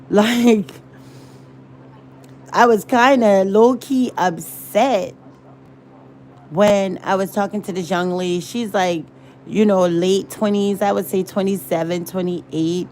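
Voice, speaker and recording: A woman's voice: medium pitch, fairly even intonation, slow pace, a little mellow, a little hiss or hum. A woman rambling and searching for words in a casual livestream chat. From American South. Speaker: livestream host.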